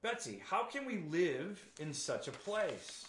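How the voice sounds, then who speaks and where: A man's voice: high-pitched, sing-song, slow pace, a bit bright, slight background noise, voice pushed up, full character voice. A man reading aloud the lines of a frightened, doubting young woman prisoner in an echoey room. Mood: distressed. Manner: read aloud in plain storytelling voice.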